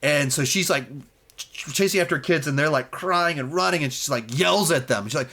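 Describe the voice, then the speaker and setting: A man giving a casual spoken film review, animated and emphatic, with many fillers and restarts. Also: on the high side, brisk, creaky.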